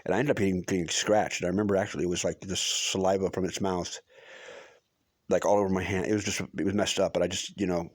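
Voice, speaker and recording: A middle-aged man tells a personal story in a casual, rambling way, full of restarts and fillers, with swearing for emphasis. His voice is low and fairly flat in pitch, and he speaks quickly. The recording has no room sound.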